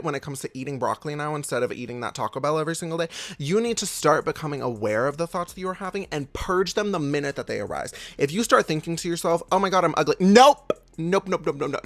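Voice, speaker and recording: Male manifestation coach with a raised voice, gravelly and rapid, who is emphatic, blunt and swears casually, recorded dry. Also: a little high, dry recording. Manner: calls the listener "babes". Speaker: manifestation coach, channel host. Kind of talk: casual motivational talk to camera.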